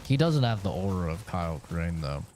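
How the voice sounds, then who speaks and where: A man's voice: low voice, very animated, a little fast, a little mellow, slight background noise. A man streaming a video game, giving live commentary full of profane jokes and banter aimed at the characters on screen. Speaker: gaming streamer.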